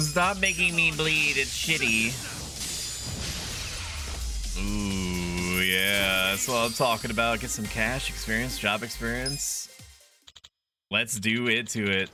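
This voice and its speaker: A male streamer talks through a video game in a loose, chatty way, laughing and swearing as he goes. His voice sits at an ordinary middle pitch, and game music plays clearly underneath. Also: takes it slowly. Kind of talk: casual live gameplay commentary.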